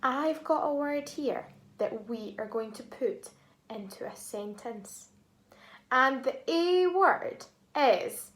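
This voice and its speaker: Slow, high-voiced teacher coaching young children. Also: female voice, big pitch swings. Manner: slow, encouraging, speaks to children with pauses for repetition. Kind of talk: phonics lesson for young children.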